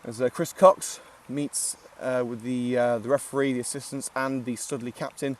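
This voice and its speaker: A man's voice: medium pitch, fairly even intonation, normal speed, far from the mic, a little hiss or hum. A man giving casual live commentary at an outdoor football ground, chatty and joking with lots of filler "uh"s. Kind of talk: live amateur match commentary.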